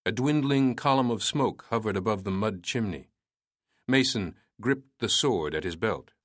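A man reading a historical story aloud in a measured storytelling manner. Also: fairly low pitch, expressive, no echo, studio quality. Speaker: narrator. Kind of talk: scripted narration.

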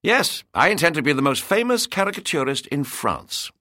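A man's voice: on the high side, sing-song, moderate pace, bright, forceful tone, no echo, clean studio sound, voice pushed up. A man voicing a proud seventeen-year-old young man who answers airily and stiffly. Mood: airy. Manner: airy, stiff.

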